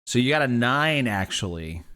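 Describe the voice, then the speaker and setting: A man's voice: mid-range voice, moderate pace. A man running a tabletop game as game master, talking with many fillers. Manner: lively, hesitant with fillers.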